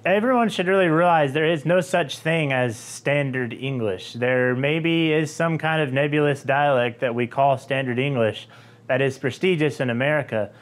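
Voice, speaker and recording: A man's voice: medium pitch, normal speed. An earnest man talks through a point about dialects. He explains things in a conversational way and drops the occasional filler as he goes. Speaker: educational video host. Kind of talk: explanatory commentary.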